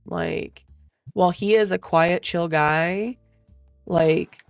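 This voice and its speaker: A young woman streamer with a lowish, creaky voice tells a rambling, profane story slowly and in a steady tone, leaning heavily on fillers. The recording is dry, with faint music playing behind her.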